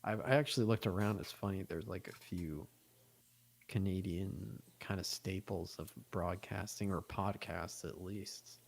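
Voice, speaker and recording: Man, podcast guest, gravelly, rambling, casual chat. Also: sits low, a little slow, a little hiss or hum. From United States. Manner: rambling storyteller, loose and chatty with many fillers.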